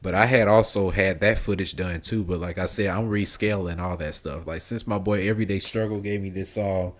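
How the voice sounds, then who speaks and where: A man chatting casually while he streams a video game. His voice sits low, and he rambles, piling up fillers and swearing as he talks. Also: fairly even intonation, brisk. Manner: rambling, filler-heavy, laughs easily, swears. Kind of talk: casual gameplay commentary.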